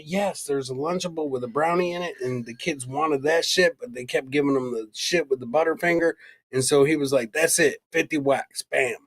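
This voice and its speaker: A man's voice: on the high side, a little fast. A man co-hosting a podcast, retelling a crime story in a casual style with irreverent, crude jokes. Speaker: podcast co-host. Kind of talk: casual comedic true-crime chat.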